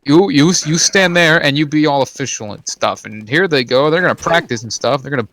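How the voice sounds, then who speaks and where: A man's voice: a little high, expressive, fairly quick, fairly bright tone. A man casually commentating on a game match, with joking, rambling asides. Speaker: esports commentator.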